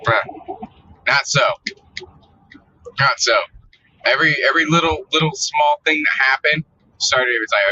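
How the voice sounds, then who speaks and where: A man talks casually to his viewers, cursing freely and venting with exasperation. His voice is very bright and sharp-edged, heard through dull, lo-fi audio. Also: medium pitch, moderate pace, pauses often, no room sound. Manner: profane, exasperated storytelling. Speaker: vlogger. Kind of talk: casual ranting monologue.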